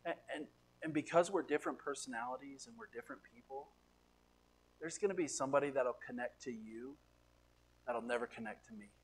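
A pastor preaching a sermon, animated, often repeating words and swinging between quiet asides and loud emphasis. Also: male voice, mid-range voice, a little fast, a little hiss or hum. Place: church sanctuary.

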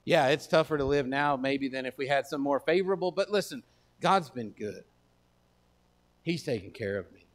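A man's voice: mid-range voice, normal speed. A man with a Texan accent preaching a sermon in a folksy, conversational way that swells into emphatic declarations. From Texas. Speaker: pastor.

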